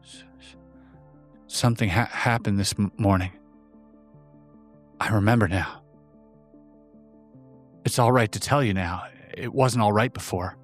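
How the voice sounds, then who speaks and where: A man voicing a shaken colonel who talks in a hoarse, trembling, halting voice. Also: lowish voice, faint music behind. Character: shaken older male colonel, stammering.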